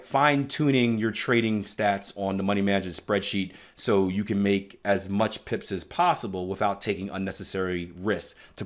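Emphatic man coaching traders. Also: lowish voice. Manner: emphatic, repeats "right?" often, bursts of loud stress. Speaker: trading coach. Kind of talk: motivational teaching talk.

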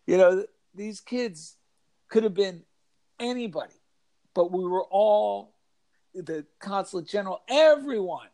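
A man telling an animated story in a casual chat, acting out the voices of kids and of himself. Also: high-pitched, measured pace. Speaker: author and guest.

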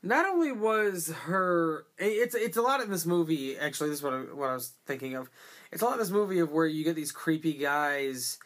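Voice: mid-range voice, expressive, fairly quick, fairly bright tone. A podcast co-host in a casual movie discussion, rambling with many fillers and restarts and swearing freely.

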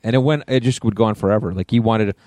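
A middle-aged man co-hosting a podcast, telling lively anecdotes and acting out the voices of people he quotes. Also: fairly low pitch, fast, no room sound, clean studio sound. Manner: animated anecdotes, acts out quoted voices, laughs often. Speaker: podcast co-host. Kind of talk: casual storytelling chat.

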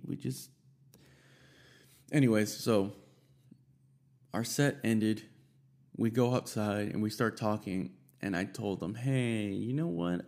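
Pria bersuara serak rendah bercerita santai. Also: male voice, fairly low pitch, unhurried, gravelly, long pauses, a little mellow. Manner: rambling, profane, with many fillers and asides. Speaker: storyteller recounting a band experience. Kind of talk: casual storytelling monologue.

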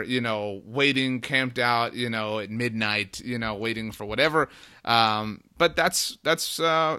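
Bright-voiced, playful sports host man. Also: mid-range voice. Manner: playful, dry teasing humor. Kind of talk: casual sports talk.

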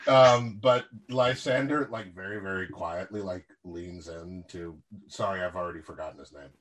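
A man playing a tabletop game, describing his character's actions in a mumbly way and trailing off into quiet asides. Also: deep voice, steady tone, normal speed. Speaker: player. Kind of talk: casual tabletop play.

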